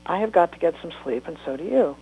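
A woman reading a book aloud, voicing a tired mother who speaks calmly and firmly. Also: lowish voice, fast talker, narrow, tinny audio, slight background noise. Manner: calm, firm. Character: calm, tired young mother.

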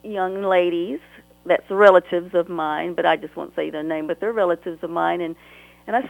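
A woman's voice: lowish voice, normal speed, gravelly, no room sound, phone-quality sound. A woman author talking earnestly and emotionally as a guest on a radio interview, rambling at times.

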